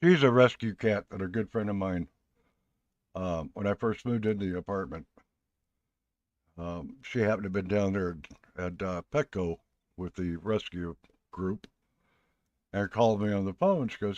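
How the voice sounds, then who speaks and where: A man's voice: low voice, normal speed, pauses often, darkish tone, dry recording, dull audio. A man hosting a live stream, talking in a rambling, folksy, chatty way. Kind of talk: casual live stream chat.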